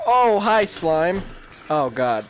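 A man's voice: sits high, sing-song, slow, a little hiss or hum. A man reacting while playing a VR game, jumpy and panicky and swearing constantly. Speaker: gamer.

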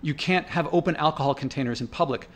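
A man with a fairly high voice narrates over his own footage in a loose, unscripted way. He sounds indignant and worked up, rambling and thinking aloud with restarts. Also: fast. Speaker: vlogger. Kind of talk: casual narrated commentary over park footage.

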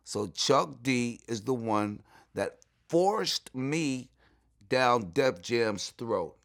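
A middle-aged man from New York telling stories in an interview, excitable and full of asides, often jumping up high when he quotes people. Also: extremely slow, gravelly. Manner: excitable, repeats "you know what I'm saying", jumps to high voice when quoting. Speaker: interview guest. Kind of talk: animated storytelling.

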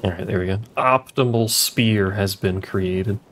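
A man's voice: fairly low pitch, measured pace, a bit bright, a little hiss or hum. A male streamer giving casual game commentary, dry and joking, muttering to himself as he plays.

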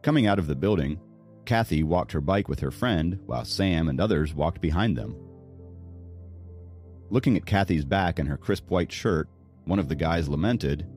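A man narrating an audiobook with expressive storytelling. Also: low-pitched, normal speed, soft background music. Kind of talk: scripted narration.

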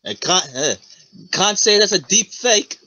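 A man joining in the casual chat as co-host with quick banter. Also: high-pitched, expressive, sharp tone.

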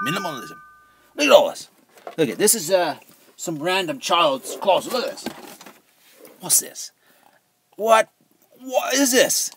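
A man's voice: high voice, fairly bright tone, a little hiss or hum, heavily acted. A man playing a rambling, preachy vegan kids TV host who talks down to children and repeats his words, with music underneath. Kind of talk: comedic kids-show parody.

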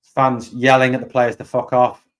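A man's voice: medium pitch, completely flat delivery, moderate pace. A man hosting a live fan stream, reacting to a match result. He sounds angry and deflated, repeats himself and swears a lot. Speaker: fan channel host.

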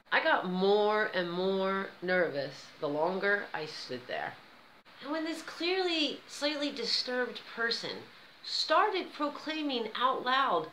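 Animated American woman telling a story. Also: medium pitch, echoey room, a little hiss or hum, low-quality recording. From United States. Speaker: vlogger. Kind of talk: storytelling vlog.

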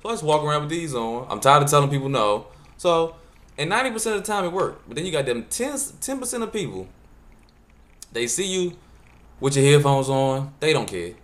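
A man telling funny everyday stories to the camera in a loose, casual way, jumping into voices to act out the scenes. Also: fairly quick. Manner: animated, jumps into high voices when acting out scenes; loose casual speech, drops words. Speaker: vlogger. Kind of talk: casual storytelling monologue.

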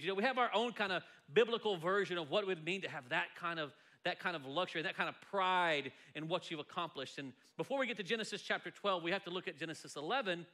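Male pastor, high voice, bright and ringing, jokey sermon delivery. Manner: playful, joking, lively delivery with laughs. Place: church sanctuary before a congregation.

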